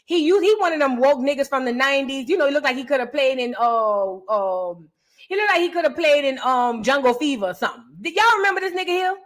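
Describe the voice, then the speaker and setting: A woman's voice: high-pitched, lively intonation, fast talker. A woman hosting a casual reaction commentary, talking in a blunt, crude and mocking way. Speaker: commentary host.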